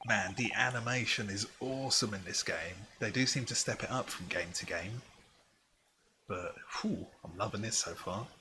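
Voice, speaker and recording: A man casually commentating a game he plays, wry and quick to swear, over game music. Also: lowish voice, bright, forceful tone, slight background noise. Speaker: gaming channel host. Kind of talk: let's play commentary. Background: video game music.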